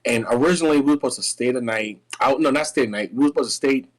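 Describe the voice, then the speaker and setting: A young male guest tells a personal story in a casual chat, rambling, stumbling and restarting but staying lively. His voice sits at an everyday middle pitch and comes rapid-fire, though the audio quality is poor.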